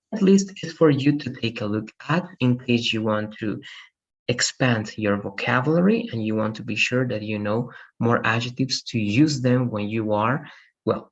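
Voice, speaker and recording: A man's voice: mid-range voice, creaky, slightly rough. Patient male English teacher, lo-fi call. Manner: patient, corrective, repeats words slowly to model pronunciation. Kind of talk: online class, pronunciation coaching. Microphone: video call. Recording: dull lo-fi video call audio.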